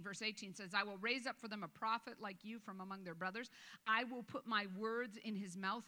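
A woman's voice: medium pitch, sharp tone. Woman preaching in an echoing church. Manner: conversational preaching, quoting scripture, self-interrupting asides. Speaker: pastor. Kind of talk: sermon. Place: church sanctuary with a balcony. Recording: long hall reverb.

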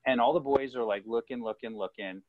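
A podcast co-host with a medium-pitched voice tells a story in casual chat, talking a little fast and animatedly acting out the kids' voices in it. The sound is dry and slightly dull, with no room echo.

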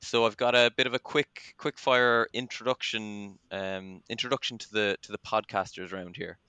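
A man's voice: on the low side, steady tone, moderate pace, bright, forceful tone, smooth, no room sound. An Irish man hosting a casual podcast chat, chatty and self-deprecating, with plenty of ums. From Ireland. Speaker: podcast host.

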